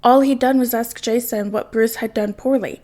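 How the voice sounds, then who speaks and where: Woman, story reader, fairly high voice, soft, unhurried narration. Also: fairly even intonation. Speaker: podfic reader. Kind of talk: reading fan fiction aloud.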